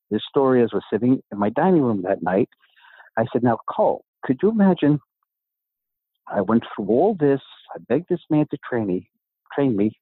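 A middle-aged man from New York tells a story in a podcast interview and acts out the voices of the people in it. His voice is low and husky. The sound is dry and thin, like a phone line. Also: no echo. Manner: animated storyteller, acts out quoted dialogue. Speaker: guest, author and gym owner.

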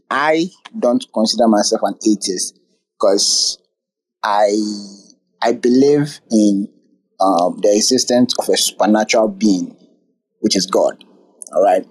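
Husky guy in an audio room chat, slow and thoughtful, lots of ums. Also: on the low side, a little mellow, rough recording. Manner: measured, thoughtful, hesitant with ums. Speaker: room participant. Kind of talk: casual discussion.

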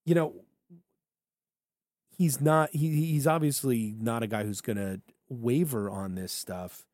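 A man co-hosting a podcast in casual political banter, animated and jokey, slipping into funny voices for quotes. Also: mid-range voice, slow pace, no room sound, studio quality. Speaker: podcast co-host.

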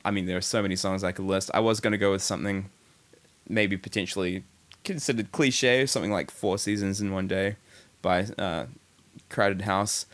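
NZ male podcast co-host, slightly low voice, effusive and enthusiastic, casual chat. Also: steady tone, normal speed, a bit bright. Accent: New Zealand.

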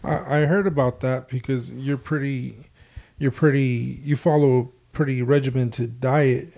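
A man's voice: mid-range voice, steady tone, a little slow, vocal fry, mellow. A man hosting a casual chat, asking questions and teasing his guests. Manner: teasing, joking interviewer. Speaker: host.

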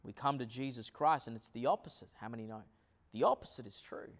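A man preaching a sermon as pastor, with many fillers, swinging between hushed low lines and loud acted quotes. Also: brisk.

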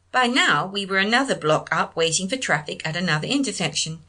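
A middle-aged woman, reading her own memoir story in a wry, gently humorous manner. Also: lowish voice, lively intonation, brisk, few pauses. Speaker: narrator.

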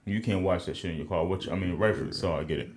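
Low-voiced man hosting a relaxed podcast. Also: quick pace. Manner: laid-back, profane, with filler-heavy restarts. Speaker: podcast host. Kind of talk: casual podcast chat.

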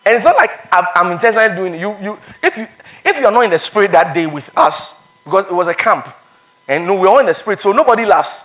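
A man's voice: high-pitched, animated, fast, fairly bright tone, dull audio. A man preaching a sermon as pastor, emphatic, repeating phrases for stress and reading scripture aloud.

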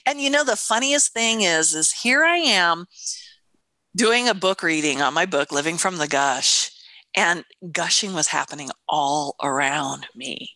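A middle-aged woman, an author, chatting casually and telling a story in an animated way. She acts out other people's voices and laughs often. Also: lowish voice, measured pace, dry recording.

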